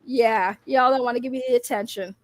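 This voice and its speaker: A woman's voice: a little high, steady tone, brisk, over a noisy crowd. A woman streamer calling out her critics in a blunt, profane, mocking rant, laughing between jabs. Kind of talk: casual rant.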